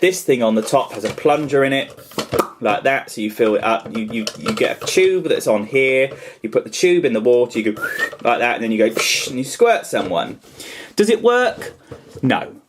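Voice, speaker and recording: A man chatting casually to camera in a vlog, his voice sitting at an ordinary middle pitch. He rambles and jokes at his own expense. His enthusiasm for making things comes through as he talks about his hobby. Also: expressive, normal speed, background noise. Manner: rambling, self-deprecating, enthusiastic. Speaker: toy customiser and vlogger.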